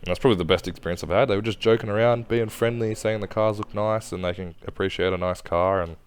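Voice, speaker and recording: A man's voice: on the low side, steady tone, quick pace, a little hiss or hum. A young Australian man telling stories in a casual podcast chat, laid-back and swearing often. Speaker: podcast co-host.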